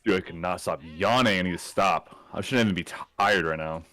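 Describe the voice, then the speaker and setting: Young male co-host, very low voice, dry sound, relaxed and brief. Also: a little fast, no room sound. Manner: laid-back, short replies. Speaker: streaming co-host. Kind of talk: casual gaming chat.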